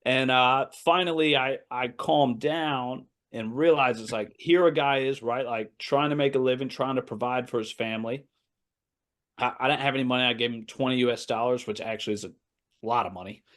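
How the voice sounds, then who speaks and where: Male, 30s, American, podcast guest, lively storyteller who voices other people. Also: mid-range voice, moderate pace. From United States. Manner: animated anecdote-telling, acting out quoted voices, laughs often. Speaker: assistant basketball coach, podcast guest. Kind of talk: casual storytelling in a podcast interview.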